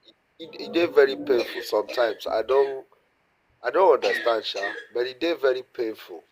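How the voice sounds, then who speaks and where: A man's voice: medium pitch, lively intonation, normal speed, a crowd in the background. A Nigerian man with a Nigerian Pidgin-inflected accent, calling in and speaking with impassioned pleading, often repeating himself. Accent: Nigerian Pidgin-inflected English. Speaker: caller. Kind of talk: impassioned call-in comment.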